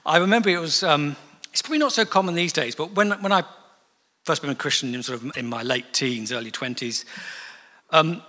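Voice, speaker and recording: A man preaches in a long-ringing church hall, his voice fairly high and bright. He talks conversationally, breaking into asides and acting out little quotes as he goes. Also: fairly quick. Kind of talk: sermon.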